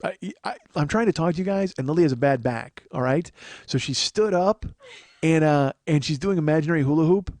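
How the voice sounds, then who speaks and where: A man in his forties hosts a casual comedy podcast, rambling from one thought to the next and poking fun at himself. He swears freely and often. His voice sits a little high and is recorded close and dry, with no room sound. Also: brisk, darkish tone, no room sound. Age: 40s. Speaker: podcast host.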